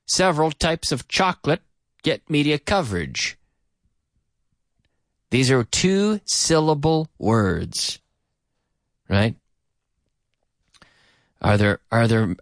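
A man hosting a live radio English lesson in an animated way, drilling words by repeating them slowly and dropping in Spanish phrases, on a studio microphone with headphones. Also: medium pitch, dry recording. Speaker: radio English teacher and host.

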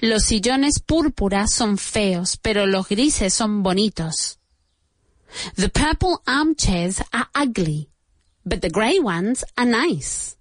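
Slow, careful woman teaching English. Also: mid-range voice, dry recording. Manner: repeats each answer slowly, switches to Spanish to explain. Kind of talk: beginner English lesson.

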